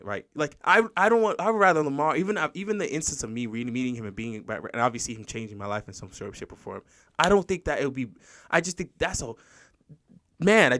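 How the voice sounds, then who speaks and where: A man's voice: on the high side, fairly bright tone, no room sound, clean studio sound. A man hosting a casual podcast conversation, telling a story with many restarts and quoting other people's voices as he goes. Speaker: podcast host.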